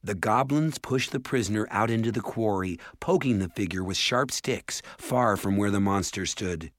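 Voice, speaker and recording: A man narrating a storybook in a measured, steady way. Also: on the low side, no room sound, studio quality. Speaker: audiobook narrator. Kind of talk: scripted narration.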